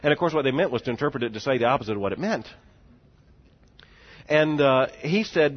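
A man in his forties, a seminary president, telling a story in a speech, swinging between hushed and loud with laughing asides. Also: mid-range voice, expressive, brisk, long pauses, husky. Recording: dull lo-fi recording.

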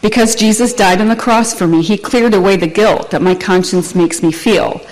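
A woman reading the part of a kind, patient mother who gently explains things to her daughter in a storybook read aloud. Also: mid-range voice, normal speed, natural voice, rough recording. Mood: explaining.

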